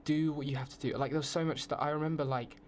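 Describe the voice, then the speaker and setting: A man's voice: a little high, fairly even intonation, fast talker, a little hiss or hum. A young man in his twenties with an English accent, a student guest chatting animatedly on a podcast with lots of fillers. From England. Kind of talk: casual podcast chat.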